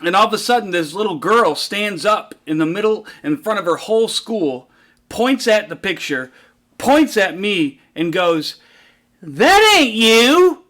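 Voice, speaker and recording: A male motivational speaker tells his story in an animated way, and his rhetoric climbs to big repeated climaxes. His voice sits high for a man and has a bright, ringing edge. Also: normal speed.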